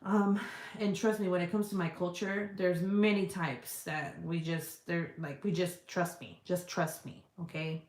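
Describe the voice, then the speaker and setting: A woman vlogger chatting casually and answering viewer comments, frank and profane and quick to laugh. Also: lowish voice, fairly even intonation. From United States. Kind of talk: casual chat. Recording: echoey room.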